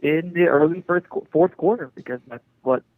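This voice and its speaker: A man calling in to a podcast, joking and relaxed. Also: on the high side, normal speed. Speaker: caller. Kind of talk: casual call-in chat. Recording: tinny phone line.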